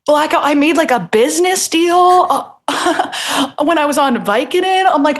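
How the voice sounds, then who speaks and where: A woman's voice: high-pitched, moderate pace. A young woman comedian with a New Jersey accent, telling stories in a casual podcast chat, laughing often and putting on exaggerated voices. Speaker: comedian guest.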